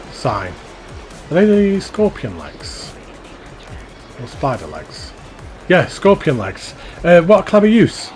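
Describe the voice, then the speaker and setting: A man giving casual, enthusiastic commentary while touring a theme park in a video game, rambling and repeating his praise. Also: a little high. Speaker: YouTuber touring a fan-built theme park.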